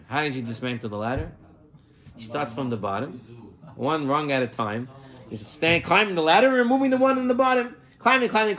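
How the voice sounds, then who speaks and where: A rabbi delivering a weekly sermon in a fairly high voice. He tells parables with animated energy, repeats phrases for emphasis and drops Hebrew terms into his talk.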